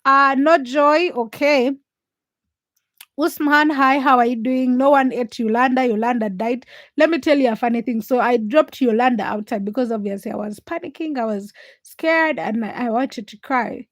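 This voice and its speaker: A woman from Uganda hosting a casual late-night livestream, telling stories in an animated way and reading viewer comments aloud. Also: high voice, normal speed, no echo. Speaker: livestream host.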